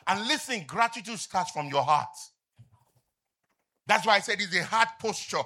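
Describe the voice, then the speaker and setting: A middle-aged man preaching a sermon as pastor, asking the congregation to finish his lines and rising to shouts. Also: on the high side, animated, normal speed. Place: church with outdoor canopy seating.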